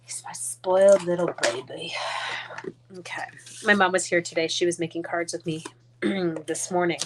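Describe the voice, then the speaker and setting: A woman's voice: on the low side, steady tone, normal speed, a little hiss or hum. A woman from Canada chatting casually through a live-stream craft demo, rambling, muttering asides under her breath and talking to her dogs. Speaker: card-making demonstrator.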